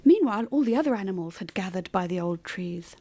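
A woman narrating a children's cartoon story in an expressive, lilting storybook manner. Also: mid-range voice, quick pace. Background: faint music.

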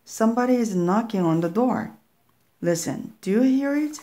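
A woman's voice: a little high, animated, normal speed, dark tone, voice pushed up, lightly acted. A woman voicing a nervous young boy who whispers urgently, in a storybook reading.

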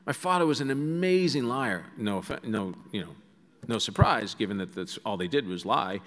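A man telling funny stories to a live audience in a large auditorium, animated and full of asides. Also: mid-range voice, moderate pace. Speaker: guest speaker. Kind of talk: comic storytelling to a live audience. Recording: reverberant hall sound.

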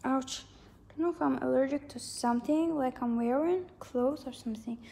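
A woman's voice: high voice, normal speed, vocal fry, warm tone, breathy edge. A woman giving a casual psychic tarot reading, rambling and hedging as she repeats herself. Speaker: tarot reader.

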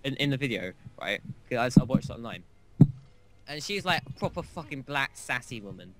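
A man's voice: mid-range voice, very animated, brisk, heavy background noise. A man co-hosting a game playthrough, telling a long, crude anecdote in a rambling, casual way. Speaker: gaming co-host. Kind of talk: casual gameplay chat.

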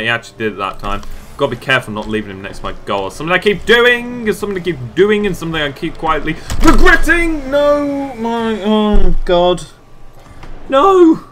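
A man commenting on his own match as a gaming channel host, excitable and self-mocking, often shouting and groaning at the game. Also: sits high. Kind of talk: let's play commentary.

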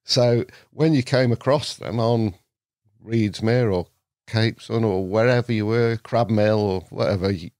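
Casually chatting as a podcast guest, a middle-aged man from England with a North Staffordshire accent tells animated stories and laughs frequently. His fairly low voice is unhurried, and the clean studio sound has no room noise.

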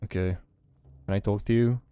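A man's voice: fairly low pitch, steady tone, normal speed, warm tone, clear, resonant tone, soft background music. A man, casually commenting on his gameplay, swearing often and laughing a lot. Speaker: gaming streamer.

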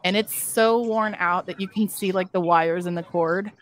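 A woman's voice: lowish voice, fairly even intonation, normal speed, slight background noise. A woman telling a story in casual chat, acting out quotes and swearing freely. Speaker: fashion show model telling a story. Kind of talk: casual chat, live stream.

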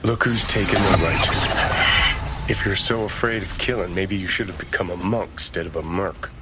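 Guy voicing a sneery cynical merc, real deep voice, music playing. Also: normal speed, close to an everyday voice. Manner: mocking and sneering. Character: cynical, mocking male mercenary.

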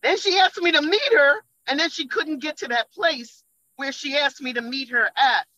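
Woman calling in from her car, bright sharp voice, animated emotional testimony, laughing a lot. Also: high-pitched, moderate pace, muffled recording. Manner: animated, laughs often while telling. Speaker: church member giving a testimony. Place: in a car on the highway.

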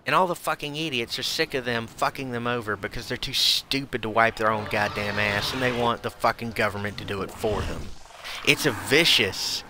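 A man's voice: mid-range voice, a little fast, background noise. A man streaming a game and ranting angrily with constant swearing. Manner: profane, heated ranting. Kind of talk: angry ranting while gaming.

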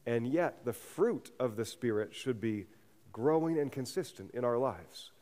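A man's voice: mid-range voice, expressive, unhurried, dark tone. A man preaching a sermon as a pastor, earnest and building to fervent emphasis. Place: church sanctuary. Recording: long reverb of a church hall.

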